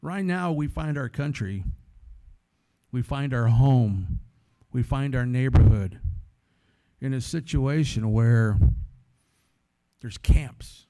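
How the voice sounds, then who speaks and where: A man from San Antonio, a former radio host, telling stories as a guest speaker in a lively, conversational way and acting out the voices in them. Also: medium pitch, slow pace, long pauses. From San Antonio, Texas. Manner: animated, conversational storytelling that acts out the voices in it. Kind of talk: storytelling sermon talk.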